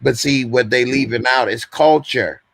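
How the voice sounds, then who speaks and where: A man's voice: mid-range voice, moderate pace, vocal fry, a bit bright, no echo. A man hosting a live call-in stream, talking in a loose, conversational way and going on at length. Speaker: host. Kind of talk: casual call-in chat.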